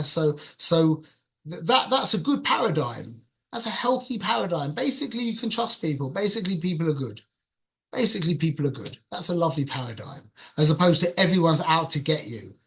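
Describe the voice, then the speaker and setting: A man with a London accent giving a religious talk, telling a story to his audience in an animated, conversational way that swings between loud and hushed. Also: a little high. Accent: London English. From London, England. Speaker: religious teacher.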